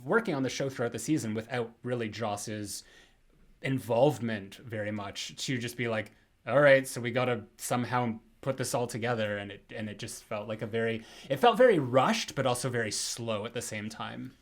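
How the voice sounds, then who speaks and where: A man hosting a podcast in casual chat, relaxed and hedging, often repeating words. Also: medium pitch, moderate pace. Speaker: podcast host.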